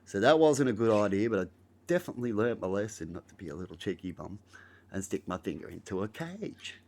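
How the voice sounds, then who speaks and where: An Australian man telling casual stories to camera in a rambling way, acting out scenes with loud exclamations. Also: fairly low pitch, lively intonation, a little fast. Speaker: vlogger. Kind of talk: casual storytelling.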